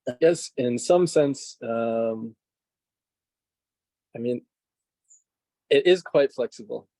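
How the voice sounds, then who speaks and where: A man's voice: medium pitch, slow pace, warm tone, no room sound. A man who is a filmmaker and the guest, talking on a video call, hesitant, with many fillers and restarts. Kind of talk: casual conversational interview.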